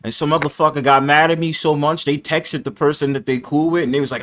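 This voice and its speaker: A man's voice: fairly high pitch, fairly even intonation, fast, hardly any pauses, fairly bright tone. A man hosting a casual panel chat, boisterous and profane, laughing often and acting out the voices he quotes. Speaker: host of a live panel stream.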